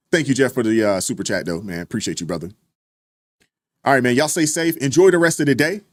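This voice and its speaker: A man's voice: mid-range voice, animated, moderate pace, pauses often, dry recording, clean studio sound. Laid-back man reading super chats. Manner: laid-back and joking, laughs often, mock-outraged sarcasm. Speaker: livestream commentary host. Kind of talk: casual livestream chat reading super chats.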